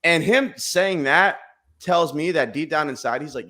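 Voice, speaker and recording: A young man in his twenties co-hosting a sports podcast. He talks in a loose, sarcastic way and tells stories with lively, animated energy. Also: on the high side, a little slow. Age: 20s. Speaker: podcast co-host. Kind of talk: casual sports chat.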